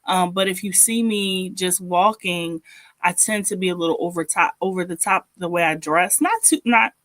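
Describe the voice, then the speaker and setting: Animated woman hosting a casual chat. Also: fairly low pitch, normal speed, dry recording, clean studio sound. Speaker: show host.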